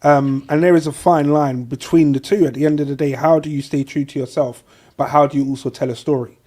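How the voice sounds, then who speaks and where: A man's voice: on the high side, fairly even intonation, fairly quick, warm tone. A man co-hosting a podcast, talking in long, thoughtful, rambling turns. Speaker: podcast co-host. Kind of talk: casual podcast chat.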